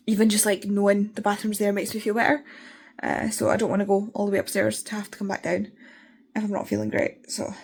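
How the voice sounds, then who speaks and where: A woman's voice: medium pitch, vocal fry, husky. A young woman vlogging casually about her reading, rambling and chatty, tired and sniffly. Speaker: book vlogger.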